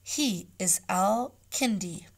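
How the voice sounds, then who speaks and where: A woman reading as a gentle, dignified caliph. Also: mid-range voice, expressive, extremely slow, vocal fry, full character voice. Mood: warm. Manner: hushed, gentle, courteous speech. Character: dignified, gracious male caliph, kind and wise. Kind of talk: read-aloud storybook role.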